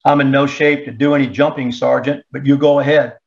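A man's voice: medium pitch, flat delivery, fairly quick, vocal fry, dull audio, close to an everyday voice. A man reading the part of a wounded army lieutenant, tired and plain-spoken. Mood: weary. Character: wounded young army lieutenant, weary, gentle.

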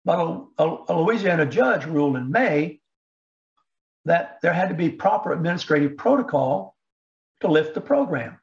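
A man giving political commentary, halting with fillers and restarts, pushing rhetorical questions up in pitch. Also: expressive, gravelly, highs cut off. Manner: rhetorical questions with rising emphasis.

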